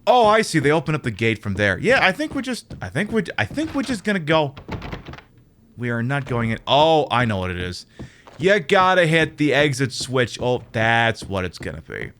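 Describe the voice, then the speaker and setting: A man streaming a game, joking and talking back at it, swinging from loud outbursts to low mumbled asides. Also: big pitch swings, normal speed, slight background noise. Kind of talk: casual game commentary.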